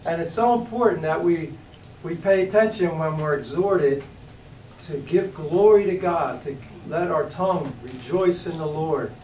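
A middle-aged man giving a rambling testimony at church, halting and restarting, rising into sudden outbursts when he calls on God. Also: fairly high pitch, a little mellow, slight background noise. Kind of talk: testimony sermon. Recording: echoey room, voice from a distance.

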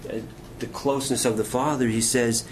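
A man preaching a sermon with passion, swinging between strong emphasis and quiet, near-whispered lines. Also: medium pitch, fairly even intonation, slight background noise. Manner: impassioned preaching with dramatic pauses and dropping to near whisper. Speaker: pastor.

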